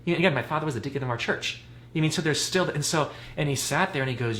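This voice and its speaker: A man's voice: on the high side, rapid-fire, fairly bright tone. A man in his forties, a guest in casual chat, telling personal stories in a candid, rambling way. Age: 40s. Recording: roomy with faint noise.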